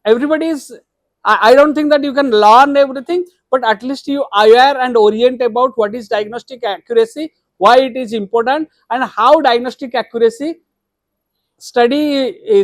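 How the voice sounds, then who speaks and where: A man's voice: extremely high pitch, fairly quick, no room sound, studio quality. A man with an Indian English accent giving a workshop lecture, slipping between English and Hindi and often restarting his words. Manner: switches between English and Hindi mid-sentence. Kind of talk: academic lecture.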